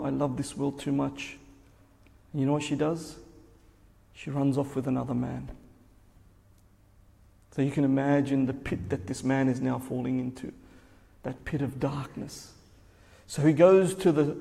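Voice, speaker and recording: A man giving a sermon, telling a parable slowly and emphatically before drawing its lesson. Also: on the high side, creaky, warm tone. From Australia. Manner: storytelling, slow and emphatic, voicing characters in quotes. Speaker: religious teacher. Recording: long hall reverb.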